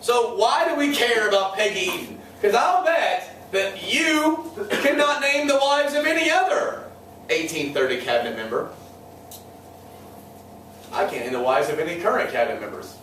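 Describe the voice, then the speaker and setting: A man's voice: high-pitched, lively intonation, normal speed, a bit bright, a little hiss or hum. A male history teacher lecturing a class, joking and sarcastic, often quizzing his students. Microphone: far room mic. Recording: echoey classroom from far off.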